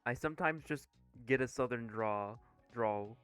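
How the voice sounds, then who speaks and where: A man's voice: medium pitch, a little slow, fairly bright tone, clean tone, faint music behind. A man running a tabletop game, narrating in a rambling, casual way and laughing at himself. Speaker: game master.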